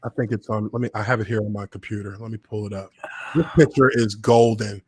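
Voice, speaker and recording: This former football lineman now hosts a podcast from a home studio, where he spins a long, casual tale at his computer. He talks fast in a lowish, husky voice with no room sound, animatedly performing the voices of the people he quotes.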